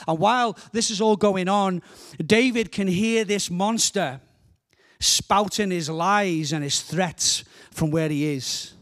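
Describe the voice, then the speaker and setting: A man's voice: high-pitched, slow pace, a bit bright. A man with a Liverpool accent preaching a passionate sermon as a guest speaker, often repeating words as he builds up his points.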